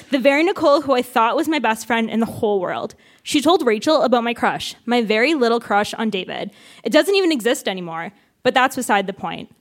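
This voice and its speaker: A woman reading her teenage diary aloud at a live show, with a wry, playful delivery. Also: on the high side. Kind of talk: reading old diary entries aloud on stage. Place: live show with audience laughter.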